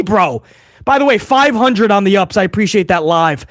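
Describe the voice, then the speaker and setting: A man hosting a live wrestling reaction stream, talking casually and excitedly, swearing and calling his viewers bro. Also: high-pitched, moderate pace, no room sound, studio quality. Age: older adult fan. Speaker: livestream host reacting to wrestling.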